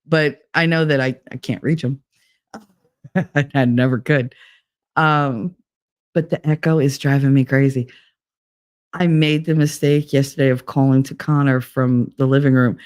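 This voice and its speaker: A woman's voice: a bass voice, steady tone, unhurried, a little mellow. Chatty middle-aged woman live-streaming. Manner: rambling and chatty, with frequent laughs and fillers. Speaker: live streamer reading chat. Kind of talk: casual live-stream chat. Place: sparsely furnished room with bare walls and no curtains.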